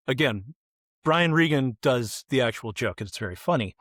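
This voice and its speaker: A middle-aged man on a podcast, telling stories in an animated way and acting out the voices of the people in them. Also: on the high side, moderate pace, no echo, studio quality. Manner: animated, acts out quoted voices. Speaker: kids ministry guest. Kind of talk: podcast interview storytelling.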